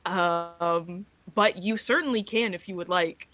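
Soft-spoken slow game master woman. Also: fairly low pitch, no room sound. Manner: soft, hesitant, many fillers. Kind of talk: narrating a tabletop game.

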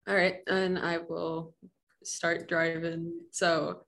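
A woman's voice: lowish voice, level tone, slow pace, a bit bright. A woman playing a tabletop role-playing game, casual and joking, swearing now and then. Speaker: player.

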